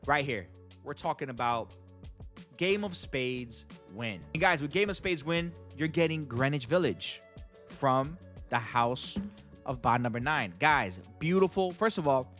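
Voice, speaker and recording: A man in a middle register talks excitedly to his viewers, full of slang and hype, pausing to call them in. Soft music runs low behind him. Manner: enthusiastic, slangy, keeps addressing viewers as guys. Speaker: fragrance reviewer and channel host. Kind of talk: casual product review to camera.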